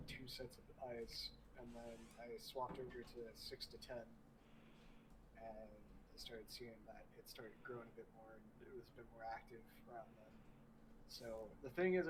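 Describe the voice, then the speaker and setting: Distant noisy-mic man, laid-back streamer. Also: medium pitch. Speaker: streamer guest. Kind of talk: casual chat. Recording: distant mic with background noise.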